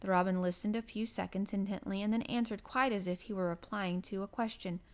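A woman narrating a classic children's novel aloud in a gentle, even storybook manner. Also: medium pitch, fairly quick.

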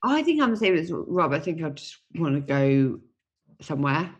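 A woman's voice: sits low, very animated, normal speed, husky, highs cut off. A British woman co-hosting a podcast, chatting casually and reading out listener mail, with a hesitant, chatty manner full of fillers. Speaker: podcast co-host.

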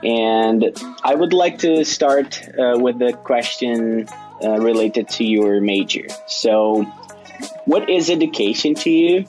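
A man with a Brazilian Portuguese accent, a native Portuguese speaker, hosting an interview in a halting way with many uhs and restarts. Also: mid-range voice, expressive, a little mellow, faint music behind. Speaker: podcast host.

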